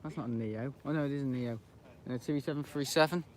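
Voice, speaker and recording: A man's voice: medium pitch, quick pace, darkish tone. A man giving rambling, chatty live commentary while planespotting outdoors beside an airport, often correcting himself. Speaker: planespotting livestreamer.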